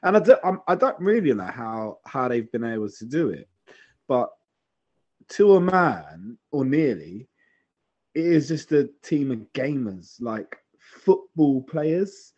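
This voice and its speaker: A man's voice: medium pitch, sing-song, a little mellow, slightly rough. An enthusiastic man talks football in a casual podcast chat, tripping over restarts as he builds his point. His voice comes through a dull, lo-fi microphone. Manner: enthusiastic, halting with many restarts. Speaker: podcast co-host.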